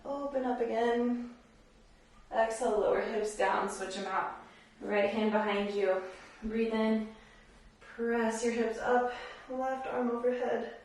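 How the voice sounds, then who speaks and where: A woman yoga instructor guiding a class, giving calm, encouraging cues paced with the breath. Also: fairly high pitch, slow pace, recorded from a distance. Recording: very echoey room, voice from off the mic.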